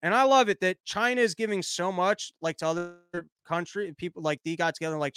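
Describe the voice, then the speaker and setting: A man's voice: sits high, steady tone, fast, hardly any pauses, a bit bright, smooth, no room sound. A man hosting a podcast, giving rambling, profane, joking commentary on news stories in a casual chat. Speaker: podcast host.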